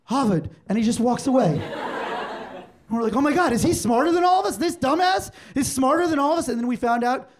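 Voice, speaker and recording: High-voiced male stand-up comic, animated. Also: brisk, crowd noise. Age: 40s. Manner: animated storytelling, acting out quoted exchanges. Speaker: stand-up comedian. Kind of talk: stand-up comedy set. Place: comedy club stage before a live audience.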